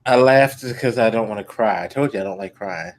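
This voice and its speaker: A man's voice: lowish voice, a little fast. A man hosting a podcast, chatting casually with teasing, laid-back banter. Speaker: podcast host. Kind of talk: casual chat.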